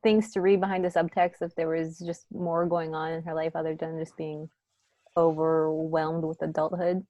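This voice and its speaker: A chatty woman in a casual book club, often laughing between remarks. Her voice sits lower, and it is recorded dry and close. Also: level tone, normal speed, dark tone, dry recording, dull audio. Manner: giggly, chatty. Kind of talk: casual group chat.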